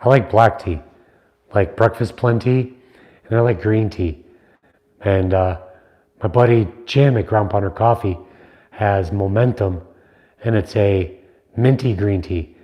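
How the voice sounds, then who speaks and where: Speaking slowly with long pauses, a middle-aged knife maker rambles through a casual livestream chat, teasing the people watching. His voice sits on the low side, and the audio sounds dull.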